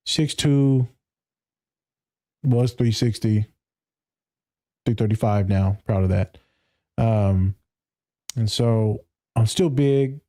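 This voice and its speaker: A male therapist talking on a podcast in a blunt, profane way. He laughs often and mimics his clients in higher voices. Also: dark tone. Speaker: therapist and speaker. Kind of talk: casual podcast conversation.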